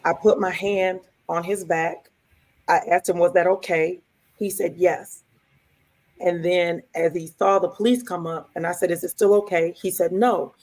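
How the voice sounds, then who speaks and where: Woman telling a lively story. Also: lowish voice, a little slow. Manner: animated anecdote telling, quoting dialogue. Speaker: podcast co-host. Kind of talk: casual storytelling.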